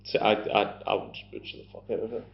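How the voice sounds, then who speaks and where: Scottish male co-host, lowish gravelly voice, easygoing banter, dull lo-fi sound. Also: level tone, echoey room. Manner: laid-back, joking, quick to laugh. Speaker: podcast co-host. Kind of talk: casual film chat. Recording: dull lo-fi podcast audio.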